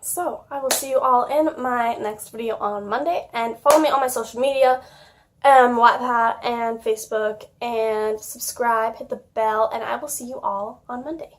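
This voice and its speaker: A woman's voice: fairly high pitch, steady tone, moderate pace, noisy background. A young woman telling a childhood story in a casual vlog, chatty and giggly, with lots of "like". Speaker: YouTuber.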